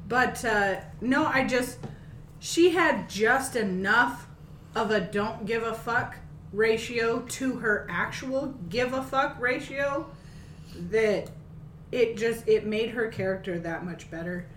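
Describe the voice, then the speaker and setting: A woman's voice: on the high side, slow pace, fairly bright tone, recorded from a distance, a little hiss or hum. Chatty woman, set back in an echoey room. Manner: chatty and self-mocking, swearing freely. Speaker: podcast co-host. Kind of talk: casual movie review chat.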